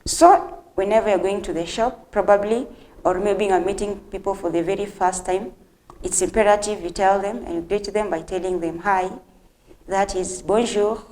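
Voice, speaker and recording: A woman's voice: medium pitch, steady tone, a little mellow. Woman teaching on TV. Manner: repeats phrases slowly for learners; friendly, addresses viewers directly. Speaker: host and French teacher. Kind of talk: televised language lesson.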